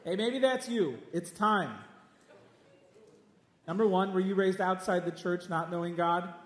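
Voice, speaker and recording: Emphatic high-voiced preacher in an echoey hall. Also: male voice, a little slow. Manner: emphatic, repeats lines, speaks straight at listeners. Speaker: pastor. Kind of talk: sermon. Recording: echoey hall with long reverb.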